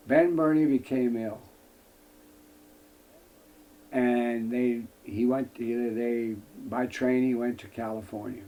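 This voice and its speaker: An older American man, a guest in an interview, tells a long anecdote in folksy wording, saying "I says" a lot and acting out other people's lines. His mid-range voice is slow and dark in tone.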